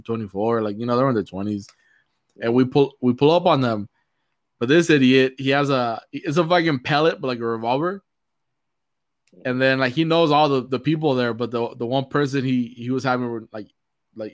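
A young man chats casually, spinning a wild story full of profanity. He acts out the people in it as he goes. His pitch sits mid-range, with an everyday conversational delivery. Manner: profane, animated retelling, acting out quoted voices.

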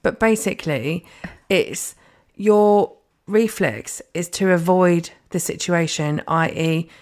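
A woman's voice: on the low side, slow pace, darkish tone. A young woman co-hosting a podcast in casual chat, blunt, dry and sweary. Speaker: podcast co-host.

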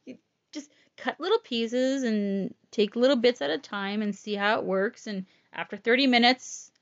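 A woman's voice: fairly high pitch, moderate pace, dull audio. A woman casually telling a personal story, frank and rambling, swearing freely. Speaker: storyteller sharing personal illness experience.

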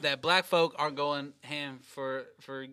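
A man's voice: a little high, steady tone, measured pace, pushed and bright, a little hiss or hum. A man co-hosting a podcast, ranting in a heated, profane way. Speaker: podcast co-host. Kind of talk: casual podcast chat.

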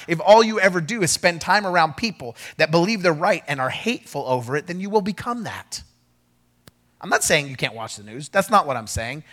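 Animated high-voiced male pastor preaching. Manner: animated preaching, acts out quoted dialogue, rising to shouts. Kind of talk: sermon.

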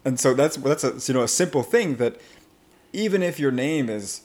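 Animated man coaching on first impressions. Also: mid-range voice, normal speed. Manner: animated, laughs often while explaining. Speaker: language coach. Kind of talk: podcast interview guest.

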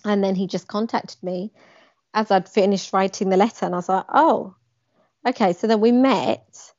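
A woman's voice: mid-range voice, normal speed, no room sound. A young woman telling a personal story in conversation, animating the moments she describes. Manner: animated, acts out quoted lines with emphasis. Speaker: guest. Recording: dry, slightly dull lo-fi sound.

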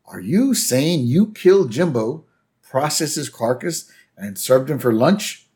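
A man's voice: medium pitch, animated, measured pace, mellow, husky. A man voicing a jaded middle-aged schoolteacher, smug and relishing.

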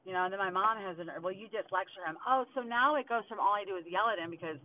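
A woman's voice: medium pitch, quick pace, a little hiss or hum. Angry swearing woman on a tinny line. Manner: angry, heavy swearing, ranting. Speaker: podcast host. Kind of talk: venting monologue.

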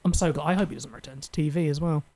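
A man's voice: a little high, very fast, warm tone. A young man, co-hosting a casual comedy podcast with a sarcastic, mocking manner. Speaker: podcast co-host.

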